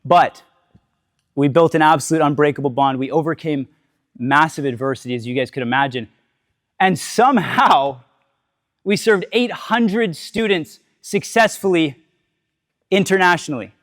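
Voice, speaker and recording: A man's voice: a little high, moderate pace, long pauses, fairly bright tone, dry recording, clean studio sound. A man giving a candid motivational talk to a live audience, telling his story, swearing freely, asking questions and tagging lines with "right?".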